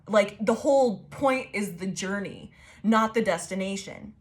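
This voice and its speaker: A woman giving a casual tarot reading to her viewers, excitable and profane, rambling and restarting her sentences. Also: mid-range voice, unhurried. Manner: excitable and profane, laughing often. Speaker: tarot reader.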